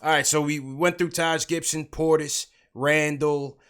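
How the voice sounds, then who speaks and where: A man's voice: a little high, fairly even intonation, unhurried, fairly bright tone, clean tone. A man hosting a sports livestream podcast, talking casually about basketball and calling out chat viewers. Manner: hypes up the chat, greets viewers.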